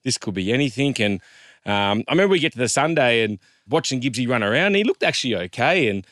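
Fast-talking Australian man, dry sound. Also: medium pitch, big pitch swings, a bit bright, dry recording. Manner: chatty, matey, rambling with restarts. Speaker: podcast co-host, former rugby league player. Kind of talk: casual storytelling.

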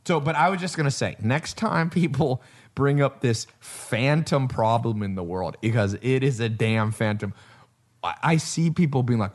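A man's voice: medium pitch, animated, normal speed. A man talking casually on a podcast, blunt and emphatic, swearing and laughing as he makes his points. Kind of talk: casual conversation.

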